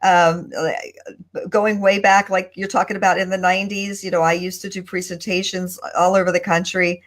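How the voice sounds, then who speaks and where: Woman with deliberate pauses. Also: lowish voice, little pitch movement. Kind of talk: casual panel chat. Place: home desk. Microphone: video call.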